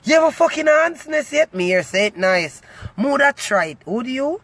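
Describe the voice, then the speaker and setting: A man's voice: extremely high pitch, big pitch swings, normal speed, fairly bright tone. A man with a Jamaican accent doing a brash, swaggering, crude comic rant to his viewers. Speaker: comic vlogger. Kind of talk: boastful comic rant to camera.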